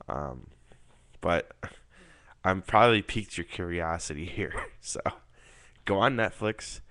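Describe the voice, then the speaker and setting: A man giving a casual, rambling film review monologue, swearing often and filling pauses with "like" and "um". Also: deep voice, a bit bright, no echo. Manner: rambling, profane, filler-heavy.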